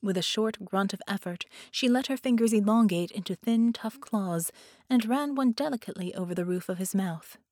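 A woman's voice: medium pitch, moderate pace, a little mellow, no room sound. Woman narrating an audiobook, dry close sound.

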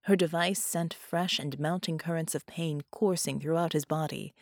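A woman narrating an audiobook in a measured, unhurried reading. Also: low-pitched, fairly even intonation, no room sound, studio quality. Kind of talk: scripted narration.

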